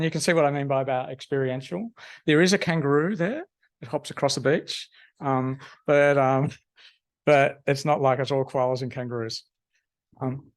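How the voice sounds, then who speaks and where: A man giving a university lecture, halting and full of ums. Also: mid-range voice, gravelly. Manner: halting, lots of ums and restarts. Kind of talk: academic lecture.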